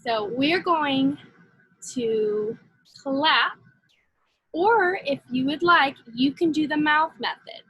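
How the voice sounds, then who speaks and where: A woman teaching a phonics lesson to young children, slow and encouraging. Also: high-pitched, pushed and bright, dry recording, muffled recording.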